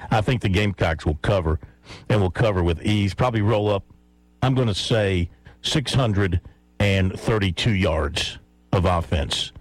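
A low-voiced man at a measured pace hosts sports talk radio, teasing a caller and laughing at his own lighthearted picks. The recording is dry and of low quality.

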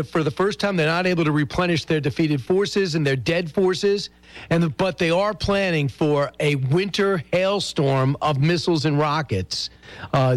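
A man's voice: fairly high pitch, no room sound. A man hosting a talk show, asking casual, joking questions. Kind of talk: conversational interview.

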